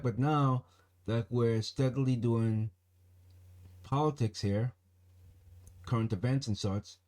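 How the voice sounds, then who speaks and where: A man hosting his own channel, reading a news article aloud and stopping often to add skeptical comments of his own, in a halting, deliberate way. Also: medium pitch, darkish tone. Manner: reads aloud with skeptical asides. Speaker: channel host.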